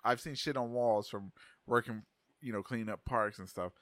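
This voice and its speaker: A man's voice: medium pitch, normal speed, a bit bright, no echo. A middle-aged man co-hosting a podcast, chatting crudely and profanely, rambling and laughing often. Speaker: podcast co-host. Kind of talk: crude casual banter.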